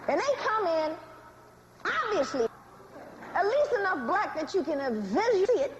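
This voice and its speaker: A woman giving a public lecture with animated, dramatic storytelling and direct asides to the audience. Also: very high-pitched, normal speed, roomy sound, dull audio, background noise. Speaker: speaker.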